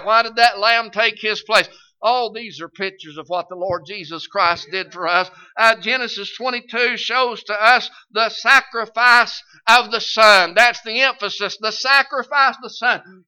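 A man's voice: very high-pitched, sharp tone, highs cut off. A man preaching a sermon in a folksy, conversational way that swells into emphatic lines.

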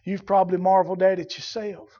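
A man preaching a sermon, building from plain talk to shouted fervor in folksy dialect. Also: sits high, level tone, fast talker, muffled recording. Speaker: pastor.

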